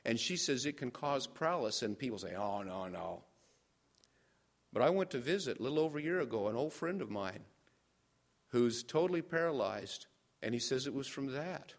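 A man's voice: mid-range voice, expressive, brisk. A man in his seventies preaching a storytelling sermon as pastor, folksy and often putting questions to the congregation.

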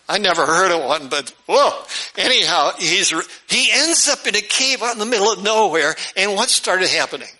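A pastor in the pulpit spins homespun stories into a sermon, his voice bright and a touch high. He chuckles easily and slips into quick impressions of the people in his tales, keeping the tone conversational and folksy. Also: rough recording. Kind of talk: storytelling sermon.

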